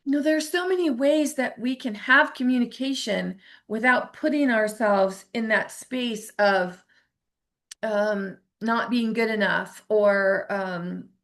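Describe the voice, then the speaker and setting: A middle-aged woman giving an earnest, encouraging self-help talk as a teacher, now and then acting out short quoted remarks. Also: mid-range voice. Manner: earnest and encouraging, acts out little quoted lines. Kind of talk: motivational talk.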